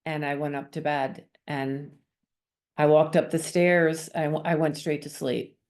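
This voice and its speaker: Woman with a slightly low voice, heartfelt guest testimony, sincere and open. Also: flat delivery, unhurried, darkish tone. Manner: earnest, emotional storytelling. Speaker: guest author sharing testimony. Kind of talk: personal faith testimony.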